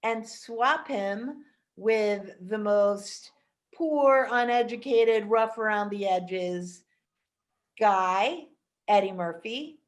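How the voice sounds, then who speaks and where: A woman hosting a podcast, chatting enthusiastically about films with quick asides. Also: medium pitch. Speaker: podcast host. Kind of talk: casual film chat.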